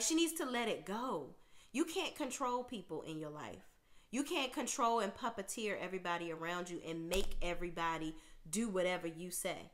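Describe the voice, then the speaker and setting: A woman giving an opinionated reality TV recap, ranting in a sassy, outspoken, animated way. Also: mid-range voice. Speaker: TV recap commentator.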